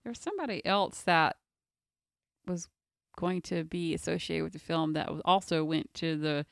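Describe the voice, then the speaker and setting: A woman co-hosting a casual movie chat, relaxed, sharing trivia and family stories. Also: low voice, normal speed, gravelly, dry recording, studio quality. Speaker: podcast co-host.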